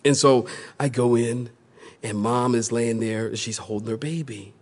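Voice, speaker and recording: A male pastor preaching a sermon, telling stories animatedly and acting out the people in them. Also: a little slow. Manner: animated storytelling, acting out voices with big pitch jumps.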